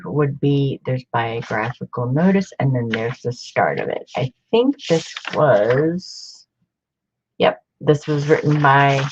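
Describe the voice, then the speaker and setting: A woman with a low-pitched, slightly mellow voice chats casually in a show-and-tell vlog, gushing over each book she pulls from her collection. The audio has the highs cut off and a little hiss or hum.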